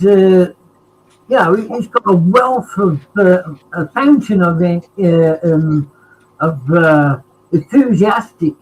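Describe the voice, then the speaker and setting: A man's voice: high voice, slightly rough, rough recording. A man chatting as a guest on a live stream. He rambles and fills his talk with ums and uhs. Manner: rambling with many fillers. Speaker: chat guest. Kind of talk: casual live-stream chat.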